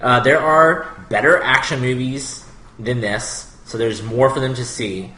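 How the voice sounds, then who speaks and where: A man's voice: mid-range voice, fairly even intonation, a little slow, sharp tone. A man in his thirties co-hosting a podcast in casual chat, rambling with many fillers. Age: 30s. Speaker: podcast co-host. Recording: echoey room with faint noise.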